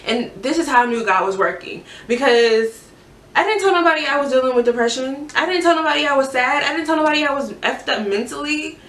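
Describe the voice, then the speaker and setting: A young woman telling her own story in a halting, earnest way, restarting her sentences often. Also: high voice, lively intonation, fairly bright tone. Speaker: vlogger sharing a personal story. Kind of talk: candid personal testimony. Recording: echoey room, mic at a distance.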